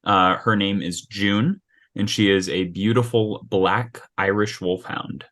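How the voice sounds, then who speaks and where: A man acting as game master, describing a character with many ums and pauses over a video call. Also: lowish voice, fairly even intonation, fairly bright tone. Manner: hesitant, many ums and restarts.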